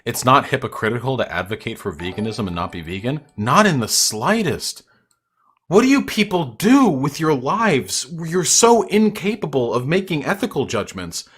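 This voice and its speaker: Young guy streaming, swearing a lot, mocking and combative, mid-pitch voice. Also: big pitch swings, moderate pace, fairly bright tone, breathy edge. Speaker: livestream host. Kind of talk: ranting livestream chat with viewers.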